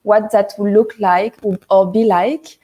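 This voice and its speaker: A woman's voice: mid-range voice, steady tone, measured pace, dark tone. A French woman speaking English with a French accent as an interview guest, hesitant and searching for her words. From France. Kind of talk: casual interview chat.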